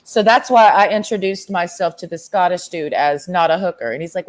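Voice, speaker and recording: A young woman with a slightly low voice rants casually to camera. She tells her story bluntly and sassily, with plenty of swearing. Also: fairly quick, few pauses. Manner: blunt, profane, sassy storytelling. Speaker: vlogger. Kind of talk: casual rant.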